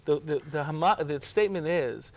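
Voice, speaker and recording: A man, a rabbi, in a Talmud discussion, halting and repeating words as he presses his point. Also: on the high side.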